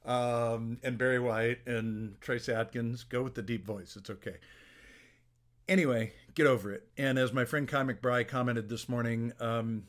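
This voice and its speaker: A middle-aged man, a business coach, giving casual video-making tips to camera in a relaxed, conversational way, with frequent restarts, recorded on a small plug-in phone mic in a home office. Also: mid-range voice, a little slow, hardly any pauses. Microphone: small plug-in phone microphone.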